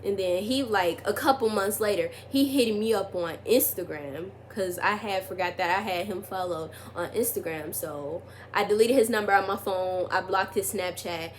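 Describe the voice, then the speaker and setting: A young woman sits for a casual storytime and rambles through it, leaning on fillers and restarting her sentences. Her voice sits at a middling pitch and climbs when she retells her side of an argument. A faint hiss of noise lies under the recording. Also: moderate pace, few pauses. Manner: rambling, heavy use of "like", restarts. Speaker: vlogger.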